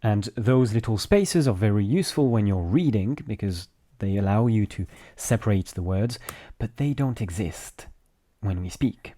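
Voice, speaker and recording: A man's voice: on the low side, expressive, normal speed, warm tone. A man with a French accent, a native French speaker, giving a casual pronunciation lesson and patiently repeating examples step by step. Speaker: French teacher.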